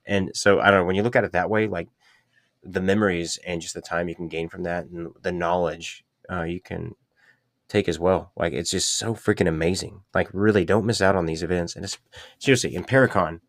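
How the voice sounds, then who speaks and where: A man co-hosting a podcast in casual, jokey chat, often halting mid-sentence. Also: deep voice, steady tone, no room sound, studio quality. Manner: jokey, laughs easily, halting. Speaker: podcast co-host.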